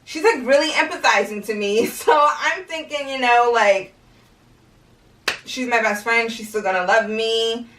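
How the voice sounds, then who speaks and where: A woman's voice: fairly high pitch, unhurried, distant mic, a little hiss or hum. A young woman vlogger candidly retelling a painful story with lots of "like" and "you know". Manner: candid, animated retelling with many fillers. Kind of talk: personal storytelling vlog. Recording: roomy sound, mic set back.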